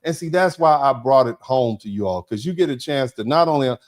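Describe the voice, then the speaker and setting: A man hosting a livestream, reading out and thanking people from the chat. His voice sits at an ordinary middle pitch. He talks in a folksy, rambling way, circling back and repeating words for emphasis. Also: lively intonation, a little fast. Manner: folksy, calls listeners baby and bro. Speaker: host reading viewer chat.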